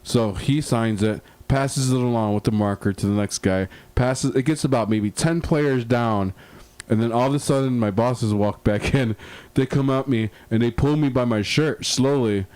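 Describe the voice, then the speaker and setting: A man co-hosting a podcast, telling a long, rambling bar story full of swearing in a casual, animated way. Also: medium pitch, normal speed, clear, resonant tone, dry recording. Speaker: podcast co-host.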